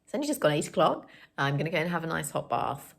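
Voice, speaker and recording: A woman's voice: low voice, big pitch swings, fast, creaky, no echo. A young woman chatting casually to camera as a riding instructor, talking about her day with a chatty, self-mocking manner. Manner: chatty, warm-hearted, laughs at herself. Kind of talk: casual vlog chat to camera. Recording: noisy outdoor recording.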